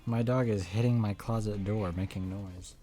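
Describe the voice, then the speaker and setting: A tired male streamer jokes and rambles while he plays, laughing at his own bits and talking with a friend. His voice has a mellow, warm tone at an average pitch. Faint game music plays behind him. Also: steady tone, normal speed. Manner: goofy, rambling, laughs often. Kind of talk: casual live-stream chat while gaming.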